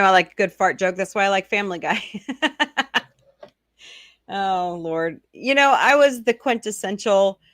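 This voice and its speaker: A woman's voice: medium pitch, no room sound, studio quality. Chatty woman host reading viewer comments. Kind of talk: casual live-stream chat.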